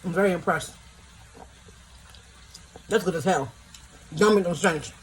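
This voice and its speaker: A woman's voice: on the low side, expressive, measured pace, long pauses, husky, poor audio. Chatty, emotional woman tasting food. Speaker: vlogger. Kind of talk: casual food-tasting vlog. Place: home, in pajamas.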